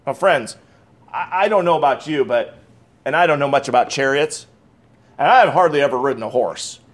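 A man's voice: medium pitch, animated, normal speed. A man preaching a sermon, emphatic and repeating key phrases, with conversational asides between scripture readings. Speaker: pastor.

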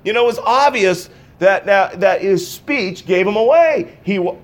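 A man preaching in a church, his voice set a little higher than most men's. He swings between loud, emphatic bursts and hushed, intense passages as he talks to his congregation. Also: animated, a little slow. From Pacific Northwest. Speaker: pastor. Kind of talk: sermon. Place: church sanctuary.

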